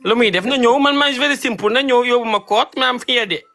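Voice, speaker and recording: Man from gambia, high sharp voice, rapid defiant back-and-forth on a live stream. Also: faint music behind. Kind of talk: heated live stream argument.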